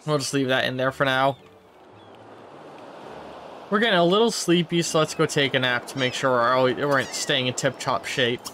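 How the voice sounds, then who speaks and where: A man's voice: mid-range voice, moderate pace, pauses often, sharp tone, a little hiss or hum. A man giving casual, playful commentary over a video game, muttering to himself and now and then putting on silly voices. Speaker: gameplay streamer. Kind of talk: casual let's-play commentary.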